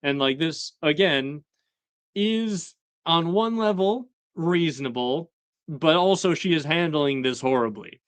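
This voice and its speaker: Smooth-voiced man recapping casually. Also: fairly high pitch, measured pace, dry recording. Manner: relaxed, filler-heavy, chuckling asides. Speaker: show host. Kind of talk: casual episode recap chat.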